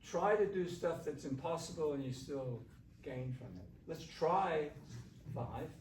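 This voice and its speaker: A man's voice: fairly high pitch, lively intonation, unhurried, a little mellow. A man talks a group of students through a breathing exercise, easygoing and encouraging. His voice comes from some distance off in a roomy classroom, with a faint hum of room noise behind him. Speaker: shakuhachi teacher. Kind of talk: workshop instruction.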